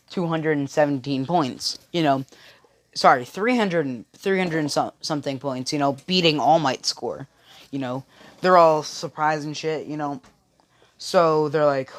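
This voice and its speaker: A young storyteller with a medium-pitched voice and no room sound casually retells a fan-made anime story from his bedroom, friends nearby. He rambles, restarts, and says "you know" constantly.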